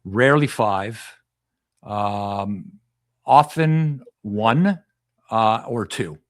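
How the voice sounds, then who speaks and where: Male hypnotist guest, low voice, explanatory, self-repeating; close, dry sound. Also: very slow, dry recording. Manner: explanatory, repeats and restarts phrases. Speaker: past life regression hypnotist. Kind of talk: podcast interview guest.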